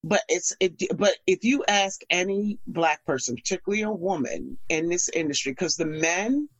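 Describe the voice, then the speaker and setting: Frank, emphatic stage actress talking candidly. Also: female voice, on the low side, moderate pace, no room sound. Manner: frank, emphatic storytelling with blunt asides. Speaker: stage actress and interview guest. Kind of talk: candid conversational interview.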